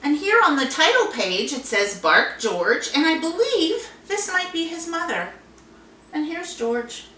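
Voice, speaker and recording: A woman children's librarian leads storytime with a bright, sing-song voice that swoops up and down as she talks to small children. She speaks slowly and clearly. She is recorded a little off-mic in a roomy, echoey space. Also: very high-pitched, far from the mic, a little hiss or hum. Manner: animated, sing-song, talking to young children. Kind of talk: storytime with songs and reading aloud. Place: library room. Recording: echoey room, voice a bit off-mic.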